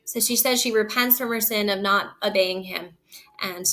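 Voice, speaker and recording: Bright-voiced woman explaining a play. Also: medium pitch, normal speed. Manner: switches between reading lines aloud and plain paraphrase. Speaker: teacher reading and explaining a play. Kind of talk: read-aloud with casual explanation.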